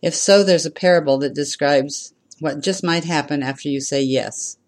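Measured minister giving a sermon. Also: medium pitch. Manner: measured, with repeated phrases and call-and-response.

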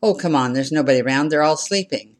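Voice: medium pitch, fast talker, lightly acted. A minister voicing a young man on a first date who begs for a goodnight kiss. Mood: wheedling. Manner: wheedling, pleading.

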